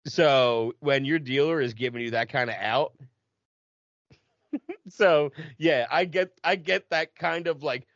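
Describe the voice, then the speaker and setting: A man's voice: fairly high pitch, slow pace, a bit bright, no echo. A man hosting a casual conversation, chatty and swearing, laughing easily. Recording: dry, dull lo-fi sound.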